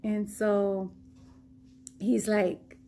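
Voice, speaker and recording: A woman from Texas telling a story in a slow, rambling way, with many pauses and ums. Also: mid-range voice, little pitch movement, dark tone, a little hiss or hum. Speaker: vlogger. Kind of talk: casual story time.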